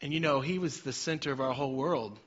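Middle-aged man preaching with bright tone. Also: medium pitch, quick pace. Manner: swings from quiet storytelling to loud emphatic preaching. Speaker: pastor. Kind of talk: sermon. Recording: slightly dull sound with faint music behind.

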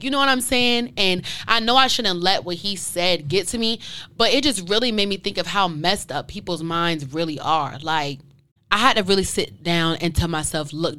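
A woman's voice: fairly low pitch, pushed and bright, no room sound. A woman hosting her own podcast, speaking emphatically and heartfelt straight to her listeners, piling up rhetorical questions. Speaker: podcast host. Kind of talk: casual podcast monologue.

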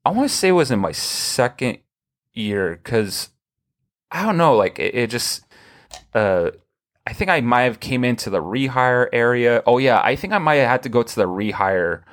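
On a casual podcast chat, a male host with a medium-pitched voice talks at a moderate pace, spinning long, rambling stories. He tells them in an animated way, restarting often and laughing along the way.

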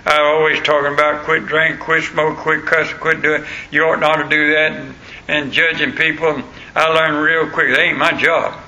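A male pastor delivers an emphatic sermon, leaning on repeated phrases. His voice is gravelly and sharp, set a little high for a man. The sound carries a roomy echo. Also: little pitch movement, moderate pace, slight background noise.

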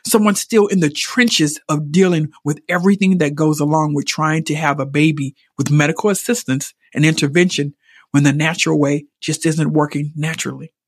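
A middle-aged woman hosting a podcast, speaking openly and earnestly about a personal experience, emotionally expressive and at times repeating herself when moved. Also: low voice, normal speed, slightly rough, dry recording, studio quality. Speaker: podcast host. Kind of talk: personal reflective monologue.

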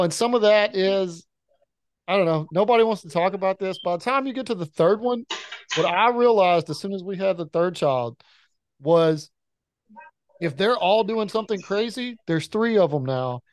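A man in his thirties with a fairly high voice talks in a loose, animated way, wandering from one story to the next. The sound is close and dry, with no room around him. He is a podcast co-host in casual chat. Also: moderate pace, dry recording.

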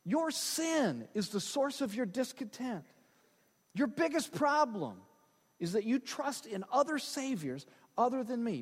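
Pastor preaching, high voice that jumps all over, big echoey church hall. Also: male voice, unhurried, husky. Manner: animated, emphatic, repeats phrases for stress. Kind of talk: sermon. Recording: long hall reverb.

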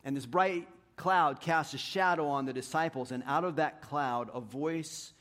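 A male pastor delivering a sermon through personal stories, animated and self-deprecating. His voice sits a little high and shifts often between quiet and loud. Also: unhurried. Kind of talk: sermon with storytelling.

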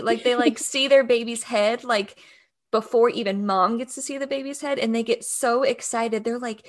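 A young woman co-hosting a chatty podcast, her voice sitting a bit high with a gravelly fry running through it. She talks loosely and easily, full of "like" and quick laughs. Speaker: doula podcast co-host. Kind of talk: casual podcast chat.

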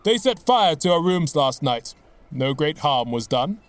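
A man's voice: on the high side, big pitch swings, a little slow. A man voicing a cool, assured detective. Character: brisk cool-headed male detective, middle-aged. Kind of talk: audiobook reading.

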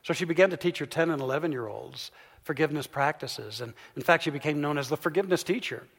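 A man giving a sermon, telling a story as he swings from loud, emphatic peaks down to soft, hushed lines. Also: fairly high pitch, fast, gravelly. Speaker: pastor. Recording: long hall reverb.

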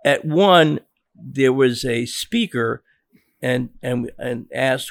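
Creaky-voiced older American man recalling. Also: medium pitch, no room sound. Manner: halting, repeats words and restarts. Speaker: journalist guest. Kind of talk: interview storytelling.

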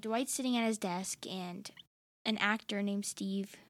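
A woman's voice: mid-range voice, unhurried, dry recording. A teenage girl co-hosting a podcast, chatting casually and retelling a scene with quoted lines. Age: teens. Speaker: teen co-host.

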